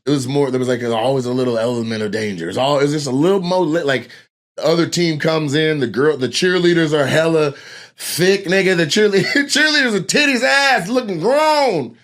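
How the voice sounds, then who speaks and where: A man from Washington State with a slightly high voice tells a story in casual chat. He is animated and profane, and he slips into other people's voices as he goes. Lively guest-comedian storytelling. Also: normal speed.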